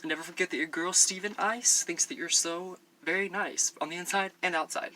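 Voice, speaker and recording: A man's voice: a little high, fairly even intonation, brisk, pushed and bright, a little hiss or hum, low-quality recording. A man chatting casually to camera in a rambling vlog, full of ums and restarts, in a small room. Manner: rambling, many ums and restarts, playful sign-off. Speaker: vlogger. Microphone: camera mic, ring light setup.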